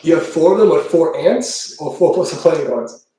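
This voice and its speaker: Laid-back cussing guy on a livestream, mellow voice, big echo, mic way off. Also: on the high side, animated, normal speed. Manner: rambling, profane, laughs often. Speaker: tarot reader streaming live. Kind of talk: casual live-stream chat. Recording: very echoey room, mic far off.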